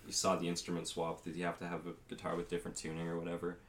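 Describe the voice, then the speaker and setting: Low-voiced laid-back musician guest. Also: male voice, monotone, racing, background noise. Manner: laid-back, hesitant with many ums. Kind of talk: casual comedic interview.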